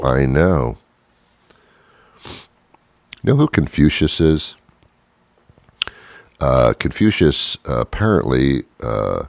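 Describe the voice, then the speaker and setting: A man's voice: extremely low pitch, darkish tone, no room sound, studio quality. A man performing a sarcastic comedic monologue, ranting and chuckling at his own jokes.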